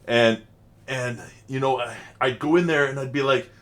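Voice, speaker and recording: A man's voice: medium pitch, steady tone, normal speed, fairly bright tone. A middle-aged man, rambling chattily as he hosts a reaction vlog. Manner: rambling, chatty, frequent fillers. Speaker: channel host reacting to music.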